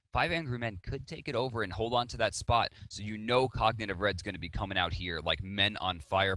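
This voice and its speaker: A man casting a live esports match, breaking down picks and strategy in quick analytical talk. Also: lowish voice, sharp tone, dry recording. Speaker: esports caster. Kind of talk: live esports play-by-play commentary.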